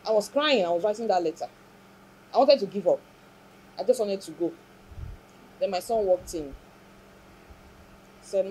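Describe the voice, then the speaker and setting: A woman speaks as an interview guest, earnest and reflective as she tells her story. Her voice is warm and mellow, at a middle pitch for a woman. A faint hiss sits under the recording. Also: lively intonation, moderate pace, pauses often, rough recording. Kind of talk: emotional personal testimony.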